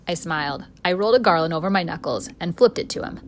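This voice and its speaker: A woman author narrating her own story in first person, expressive and storytelling in tone. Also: lowish voice, fast talker, few pauses. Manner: expressive storyteller, voicing a cheeky street boy.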